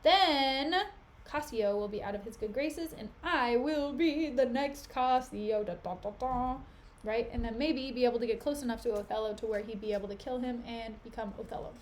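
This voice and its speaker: A woman's voice: a little high, normal speed, close to an everyday voice. A woman voicing a scheming male villain who talks like a friendly buddy, slangy and falsely caring, in a casual retelling of a play on stream.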